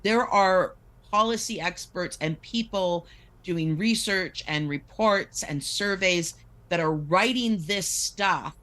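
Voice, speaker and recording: A woman's voice: on the low side, takes it slowly, a bit bright. A woman talking as a guest on a podcast, earnestly explaining figures and reading excerpts aloud with frequent restarts. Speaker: guest discussing poverty policy.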